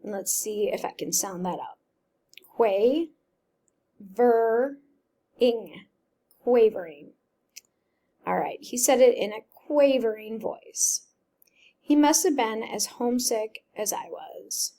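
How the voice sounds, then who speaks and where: A woman teacher reads a novel aloud, stopping to break words apart patiently, one step at a time. Her voice sits a bit high, with a gravelly fry running through it. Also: unhurried, mellow.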